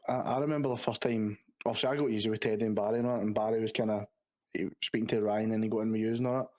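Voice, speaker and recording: A man's voice: fairly low pitch, fairly even intonation, racing, a little mellow. A man co-hosting a casual podcast, chatty and laughing.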